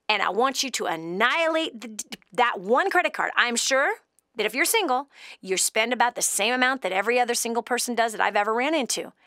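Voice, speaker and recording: A woman hosting a call-in advice show, talking bluntly and emphatically, scolding and coaching her caller, swinging from loud bursts to hushed tones. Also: on the high side, no room sound, studio quality. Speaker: radio show host giving financial advice to a caller.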